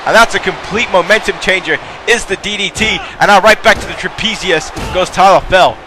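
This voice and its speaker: A man giving excitable play-by-play commentary on a wrestling match, calling out moves, shouting at the big spots and drifting into rambling asides to the audience. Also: high voice, brisk, a little hiss or hum.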